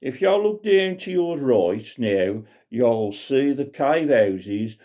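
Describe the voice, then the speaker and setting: A man's voice: medium pitch, animated, takes it slowly, mellow. A man voicing an old, pompous RAF wing commander, officious and drawn out. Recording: dull lo-fi recording.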